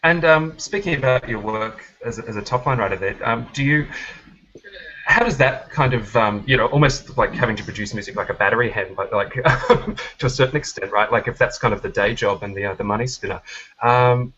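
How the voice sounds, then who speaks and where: A man's voice: medium pitch, a little fast, a bit bright, slightly rough, muffled recording. A man asking a songwriter questions in a casual, hesitant way, often restarting his sentences. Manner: hesitant, many ums and restarts. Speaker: interviewer.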